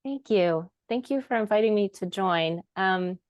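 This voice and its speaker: A woman in her fifties, a longtime teacher and literacy trainer, introducing herself on a panel in an earnest, steady way. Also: medium pitch, measured pace, dry recording, clean studio sound.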